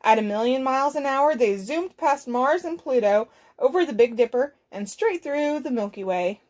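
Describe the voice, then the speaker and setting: A woman, a children's librarian, reading a picture book aloud with expressive, clearly enunciated storytelling. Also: high-pitched, moderate pace.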